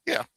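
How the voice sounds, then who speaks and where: A man chatting on a gaming talk show in a very bright, sharp voice. He laughs easily and tells stories in quick asides. The sound is close and dry. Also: no echo. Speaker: podcast co-host and dungeon master. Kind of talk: casual chat.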